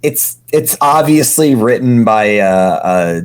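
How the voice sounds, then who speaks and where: A woman co-hosting a fanfic reading stream, commenting in a hesitant, halting way. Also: extremely low pitch, animated, a little mellow. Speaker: fanfic reading livestream co-host. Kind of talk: casual chat.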